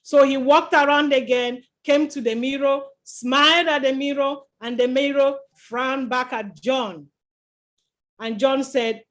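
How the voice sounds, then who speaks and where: A woman's voice: high-pitched, a little slow. A woman telling a children's chapel story in church, stopping often to quiz the children with questions. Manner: lively, quizzes the children with questions.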